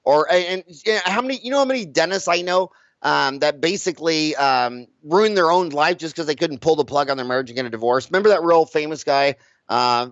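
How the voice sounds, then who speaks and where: A blunt, animated man with a somewhat high voice speaks as an interview guest, pushing his points hard and stumbling over repeated words. The sound is dry and close, but dull and lo-fi. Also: no room sound. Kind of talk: casual interview talk. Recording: dull lo-fi recording.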